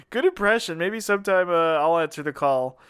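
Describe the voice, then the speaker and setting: A man co-hosting a comedy podcast, joking and quick to laugh in casual chat. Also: high-pitched, expressive, a bit bright, clean tone. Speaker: podcast co-host.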